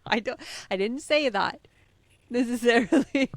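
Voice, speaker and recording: A woman's voice: on the high side, unhurried, no room sound. Giggly woman, dry close sound. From Norway. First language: Norwegian. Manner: teasing, giggly, animated banter. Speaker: podcast co-host. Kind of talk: casual podcast chat.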